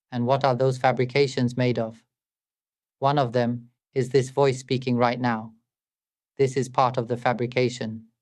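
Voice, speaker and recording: Calm man with a flat, even delivery. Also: mid-range voice. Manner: calm and measured, asks many rhetorical questions. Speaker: spiritual teacher. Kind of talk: meditative dharma talk.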